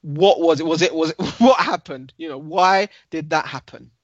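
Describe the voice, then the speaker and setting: A high-pitched man, co-hosting a casual live stream. He spins animated anecdotes and reads out viewer comments, and the dry, dull recording has little room sound. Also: normal speed, no room sound. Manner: animated storyteller acting out voices. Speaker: co-host. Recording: dull, muffled audio.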